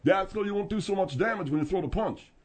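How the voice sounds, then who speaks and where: A man's voice: high-pitched, fast. A man voicing a dim, eager male sidekick who stammers and talks in a folksy way. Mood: goofy.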